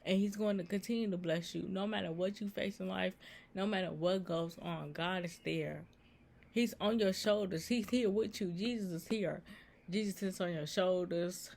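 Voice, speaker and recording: A woman's voice: lowish voice, moderate pace, creaky, a little mellow. Earnest woman preaching faith on her vlog. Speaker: vlogger giving faith advice. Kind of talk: casual Christian encouragement vlog.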